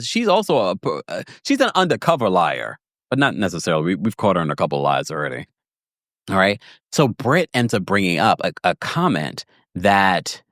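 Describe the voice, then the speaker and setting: A chatty man recaps reality TV for his podcast audience, cutting himself off mid-thought and laughing as he retells the drama. His pitch jumps around in a lively, animated way. The sound is dry and close, with no room echo. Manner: gossipy, laughs often, acts out quotes; chatty, self-interrupting storyteller. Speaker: podcast host. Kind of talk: casual TV recap commentary.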